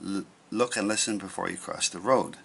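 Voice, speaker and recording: A man's voice: sits low, moderate pace, gravelly, fairly bright tone, breathy edge, exaggerated voice. A man voicing a fussy mother giving careful warnings in a read-aloud storybook. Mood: instructing. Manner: instructive, fussy.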